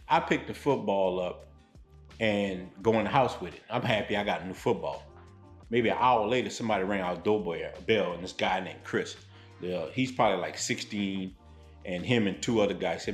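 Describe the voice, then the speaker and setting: A man from Louisiana telling stories on his vlog in a blunt, animated, street-style way. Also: lowish voice, reverberant. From Louisiana, United States. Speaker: vlogger. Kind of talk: storytelling vlog.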